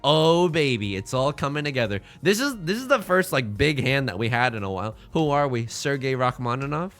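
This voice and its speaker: A man chatting casually on a live stream, rambling from joke to joke. His voice is bright and a little high, and it swings widely in pitch. Faint music plays underneath. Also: a little fast. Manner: rambling, jokey, animated asides. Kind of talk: casual stream chat while playing mahjong.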